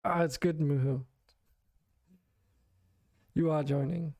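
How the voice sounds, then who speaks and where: A man's voice: on the high side, steady tone, slow pace, darkish tone, no room sound. A man streaming a game, chatting casually with viewers in a chatty, self-deprecating way and laughing often. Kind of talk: casual live-stream chat.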